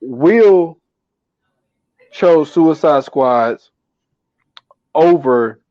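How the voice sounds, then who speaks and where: A man's voice: on the high side, lively intonation, extremely slow, no room sound, dull audio. A man co-hosting a casual movie podcast, talking in slang, laughing often and acting out scenes in quoted voices. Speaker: podcast co-host. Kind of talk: casual chat.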